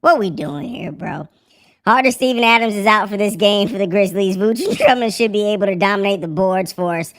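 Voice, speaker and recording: A man with a squeaky pitch-shifted voice. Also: brisk, fairly bright tone. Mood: joking. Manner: joking, profane slang, mock breaking-news delivery. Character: squeaky high-voiced young man, joking and rowdy. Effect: squeaky pitch-shift voice changer. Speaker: podcast host. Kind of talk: live sports podcast chat.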